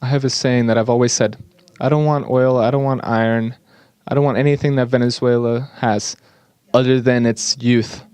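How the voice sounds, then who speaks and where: A man giving an earnest, slightly halting English voice-over interpretation of speakers at a conference. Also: mid-range voice, steady tone, a little mellow, smooth, no echo.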